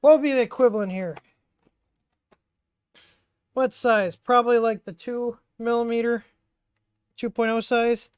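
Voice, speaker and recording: A woman hosting a casual live Q&A stream, talking in a relaxed, rambling way with many fillers and restarts. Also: on the high side, measured pace, pauses often, clear, resonant tone. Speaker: livestream host answering 3D printer questions.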